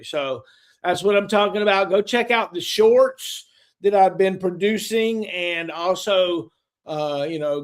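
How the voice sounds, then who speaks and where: A man hosting a casual podcast, talking in a halting way with repeated words and lots of "uh" and "um". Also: a little high. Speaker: podcast host.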